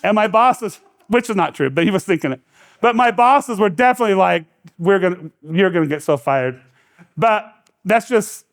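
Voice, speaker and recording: Man, high-pitched, casual seminar speaker, rambling, humorous storyteller. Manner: joking storyteller, lots of restarts and fillers. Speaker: economic development director. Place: lecture room.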